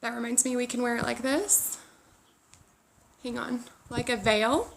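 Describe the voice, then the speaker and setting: A woman's voice: fairly high pitch, steady tone, a little slow, creaky, a little hiss or hum. A woman hosting a knitting podcast, chatting casually and rambling a little, self-deprecating as she talks, sitting outdoors. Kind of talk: casual chat.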